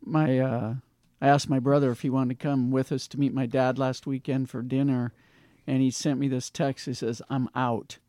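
A man's voice: medium pitch, level tone, normal speed, mellow, dry recording. A man on a podcast, telling a personal story in a plain, hesitant way. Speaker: podcast co-host. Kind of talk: casual conversation.

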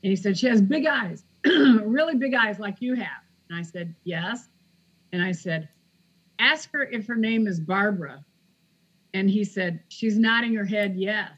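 Woman, podcast guest, storytelling, acts out dialogue, mid pitch, muffled lo-fi audio. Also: unhurried, slightly rough. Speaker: guest author. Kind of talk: casual storytelling interview.

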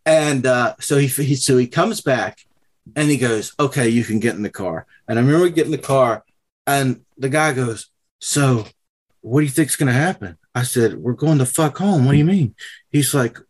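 A young adult man casually telling a profane, animated story, quoting everyone involved. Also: mid-range voice, moderate pace. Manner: profane, animated retelling with quoted voices.

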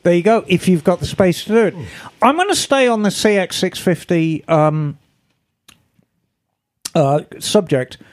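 A chatty woman co-host talks in a loose, easygoing way. She reads listener emails aloud in a relaxed, conversational tone and drops the odd casual swear word. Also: fairly low pitch, measured pace, long pauses. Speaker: podcast co-host.

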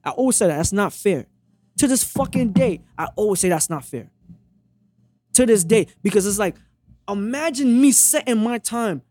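High-voiced young New man, blunt. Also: lively intonation, moderate pace, mellow, no echo. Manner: blunt, profane, emphatic, reenacts dialogue. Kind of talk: casual storytelling.

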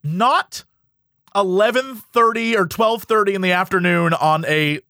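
A man co-hosting a casual comedy podcast, animated and jokey, sliding into silly voices. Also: sits high, a little slow, no echo, clean studio sound. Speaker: podcast co-host.

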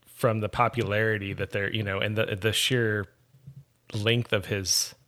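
A man's voice: on the low side, little pitch movement, a little slow, a bit bright. A man talking as a podcast guest in casual chat, rambling and hesitant, often trailing off.

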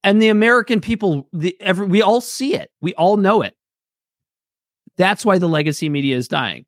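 A man co-hosting a political podcast with a voice set a little high for a man. He talks bluntly and heatedly and swears freely. The sound is dry and close to the mic. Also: expressive, brisk, no echo. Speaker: podcast co-host. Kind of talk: casual political podcast chat.

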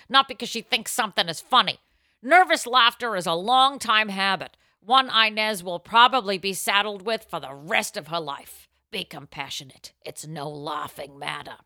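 A woman co-host talks in a bright, dry, close-miked voice. Her pitch jumps around a lot as she acts out quotes and breaks into laughter while telling stories. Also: no echo. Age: adult. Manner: animated, bursts into laughter and acted-out quotes. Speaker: podcast co-host. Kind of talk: casual chat and reading advice letters aloud.

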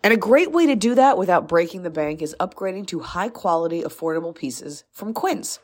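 A woman hosting a podcast, reading a scripted ad in a smooth, upbeat sales delivery. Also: on the low side, expressive, brisk, darkish tone. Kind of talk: scripted ad read.

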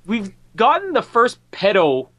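A man in a casual film review chat, animated and laughing often. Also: a little slow. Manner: animated, laughs often, quotes lines in a higher voice. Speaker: podcast co-host.

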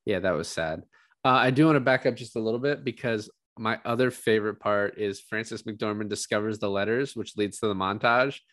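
A man's voice: on the low side, brisk, fairly bright tone, dry recording, studio quality. A man co-hosting a podcast, chatting casually about a movie, laughing often and swearing as he acts out quotes. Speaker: podcast co-host.

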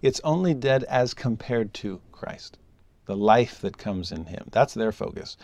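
A man giving a scripture lesson, emphatic, moving between soft asides and raised exclamations. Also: medium pitch, expressive, moderate pace, dry recording. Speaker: scripture teacher.

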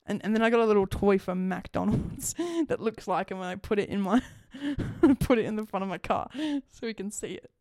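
A woman's voice: mid-range voice, lively intonation, normal speed, hardly any pauses, a little mellow. A young woman telling a story in casual chat, laughing often and swearing. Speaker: podcast co-host.

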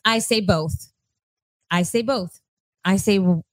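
A woman's voice: fairly low pitch, normal speed, a little mellow, no room sound. A woman from South Texas with a South Texas accent, co-hosting a casual chat and laughing often. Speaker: co-host. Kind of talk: casual banter.

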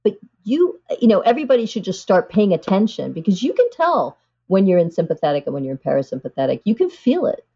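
A woman's voice: mid-range voice, big pitch swings, fast, mellow, breathy edge, lo-fi sound. A woman psychiatrist, a guest on an interview show, explaining things earnestly and with animation, often saying "you know".

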